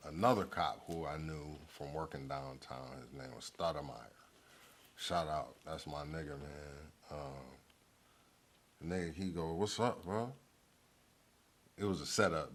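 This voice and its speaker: There's a little hiss or hum behind this middle-aged man's bass voice as he tells his life story at normal speed on a therapy-style talk show. He's casual, slangy and profane, animatedly voicing the lines of the people involved.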